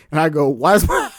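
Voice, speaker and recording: A young man co-hosting a podcast, telling a story in a casual, animated way and laughing often as he acts out what people said. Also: fairly high pitch, no room sound, clean studio sound. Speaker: podcast co-host.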